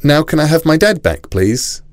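A man's voice: on the high side, big pitch swings, moderate pace, dry recording, clean studio sound, voice pushed up. A man voicing an eager, cheeky young boy in a storybook reading.

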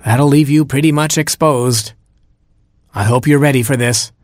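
A man's voice: medium pitch, normal speed, dry recording, clean studio sound, lightly acted. A man doing a cheeky lovesick cobra. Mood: teasing. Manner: wheedling, teasing. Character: smooth-talking male cobra, lovesick and cheeky.

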